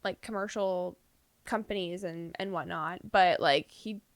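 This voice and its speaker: A woman's voice: fairly low pitch, measured pace, no echo. Chatty young woman, very dry sound. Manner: chatty, rambling with many fillers and restarts. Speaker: podcast co-host. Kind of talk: casual chat.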